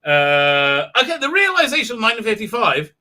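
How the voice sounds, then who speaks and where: A man's voice: high-pitched, wildly swooping pitch, brisk, sharp tone. A man hosting a live-stream review, rambling and sarcastic, with many stalls and restarts. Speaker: host and reviewer.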